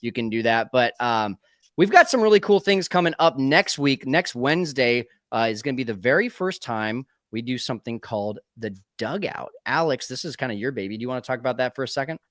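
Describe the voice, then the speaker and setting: Hype guy hosting a live sports stream, smooth clear voice, dry close sound. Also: medium pitch, lively intonation, fairly quick, fairly bright tone, no echo. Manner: upbeat, calls guests brother. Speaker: podcast host.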